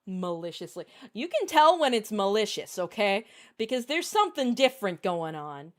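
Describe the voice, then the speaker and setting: A woman's voice: mid-range voice, very animated, moderate pace. A woman streamer chatting casually and candidly, rambling with lots of fillers.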